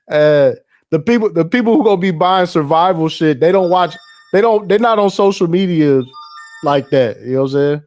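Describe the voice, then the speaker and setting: Male political commentary host, casual and profane, quick to laugh, a touch high-pitched. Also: animated, darkish tone, soft background music. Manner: loose, profane, laughing, reacting to on-screen ads.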